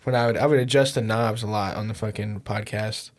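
A man's voice: on the low side, fairly quick. A young man hosting a casual home podcast, swearing constantly and laughing often as he tells stories. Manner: profane, laughing a lot, animated storytelling. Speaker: podcast host. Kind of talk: casual chat. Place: home podcast setup with a mixer.

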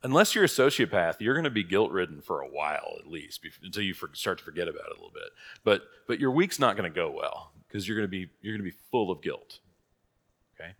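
A man's voice: sits low, very animated, fast talker, a bit bright. A man teaching a church catechism class in a casual, conversational way, asking rhetorical questions and laughing at his own asides.

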